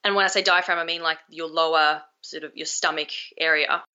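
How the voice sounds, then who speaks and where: Young woman speaking coach, bright lively voice, acts out examples, muffled lo-fi call sound. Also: deep voice, fairly quick, smooth. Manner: energetic, demonstrative, acts out example phrases. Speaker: communication skills coach. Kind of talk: podcast interview over video call. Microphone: video call.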